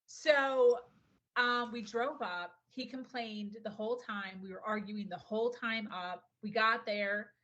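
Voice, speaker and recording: A young adult woman telling a personal story in a casual, animated way, often saying "like" and acting out what people said. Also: fairly high pitch, unhurried, highs cut off. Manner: animated, acts out quotes, says "like" often. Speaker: podcast guest.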